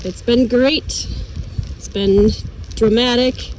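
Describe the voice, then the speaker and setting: A woman's voice: a little high, fairly even intonation, slow, slight background noise, rough recording. Chatty woman vlogging in a snowstorm. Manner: chatty, talks softly to her cats. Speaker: vlogger on a horse farm. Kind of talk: casual vlog chat. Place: outdoors in a windy snowstorm on a farm.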